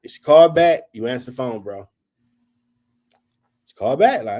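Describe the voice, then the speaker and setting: His voice runs a little high at a moderate pace, and he pauses often. The podcast host is chatting casually on his talk show, telling an animated story where he acts out what people said and swears liberally.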